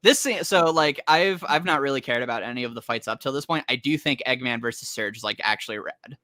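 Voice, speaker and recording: A man chatting casually on a podcast about comics, laughing often and talking in an animated way. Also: medium pitch, fast talker, no room sound. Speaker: podcast co-host. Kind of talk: casual chat.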